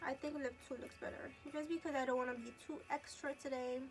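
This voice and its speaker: A high-voiced teenage girl chats her way through a makeup tutorial, calling out each step as she works. Her pitch stays fairly level, and soft music plays underneath. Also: fairly even intonation, fast talker. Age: teens. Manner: chatty, narrates each step as she goes. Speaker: beauty vlogger.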